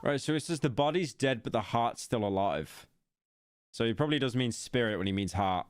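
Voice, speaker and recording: A man's voice: medium pitch, animated, brisk, clean tone. A man with a British accent live-streaming a horror game, joking and rambling defensively at chat. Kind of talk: casual live-stream commentary.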